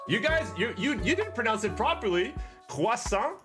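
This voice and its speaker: Animated man, game streamer. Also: extremely high pitch, a little fast, music in the background. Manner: playful, teasing, animated. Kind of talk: live gameplay commentary.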